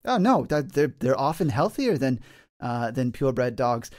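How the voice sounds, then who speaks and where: A man voicing a cloaked forest warden who haggles smoothly and lectures pedantically about his dog. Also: mid-range voice, sing-song, normal speed, a little mellow, close to an everyday voice. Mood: smug haggling. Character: cloaked male forest warden with a mastiff, smug.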